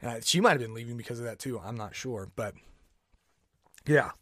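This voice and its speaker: A man's voice: medium pitch, fairly quick, pushed and bright, no room sound, clean studio sound. A man hosting his own podcast, talking alone in a rambling, exasperated way. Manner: rambling and exasperated, with many restarts and laughs. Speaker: podcast host. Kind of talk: casual solo podcast rant. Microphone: podcast microphone.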